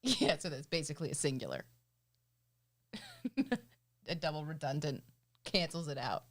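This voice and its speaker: A woman's voice: sits low, animated, normal speed. A woman from Maine co-hosting a casual live-stream chat, chatty and giggly. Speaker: co-host.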